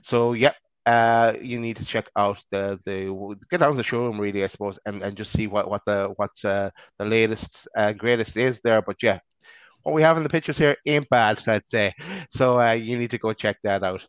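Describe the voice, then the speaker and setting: A man chatting on a fan podcast, with a smooth, resonant voice at a middling pitch. He rambles through plugs and restarts his sentences often. The sound is dry and dull, like lo-fi call audio. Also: normal speed, dry recording. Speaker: podcast co-host. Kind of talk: casual fan-show chat.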